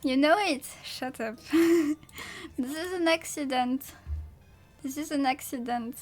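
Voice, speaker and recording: A sleepy, yawning vtuber with a high voice speaks slowly during a casual late-night livestream chat, soft music playing behind her. She is silly and playful, rambling in nonsense rhymes while counting her dumbbell lifts aloud.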